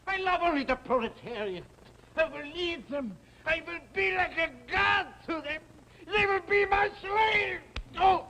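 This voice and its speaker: A raving, drunken old anarchist in a 1960 television drama. His voice runs high and bright and leaps wildly up and down. He slurs grand pronouncements as if giving a speech. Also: expressive, a little slow, slight background noise, full character voice, low-quality recording.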